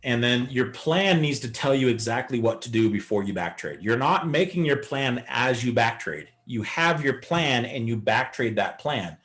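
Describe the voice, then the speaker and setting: A man's voice: medium pitch, animated, normal speed, few pauses, fairly bright tone. A man teaching a live beginner day-trading lesson, coaching and talking through chart examples. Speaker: trading instructor.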